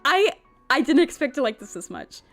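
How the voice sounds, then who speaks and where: A young woman streams a visual novel, voicing its characters and chatting about them in a bubbly, giggly way. Her voice sits high and swoops all over the place, with soft music playing underneath. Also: normal speed. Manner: bubbly, giggly, animated line reading.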